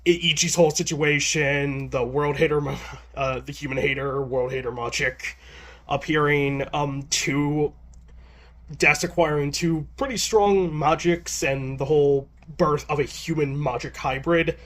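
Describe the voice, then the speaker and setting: A man's voice: a little high, steady tone, unhurried, fairly bright tone. A man giving a casual manga chapter review. He sounds nervous and stammers often, with many restarts, but stays chatty and laughs a lot.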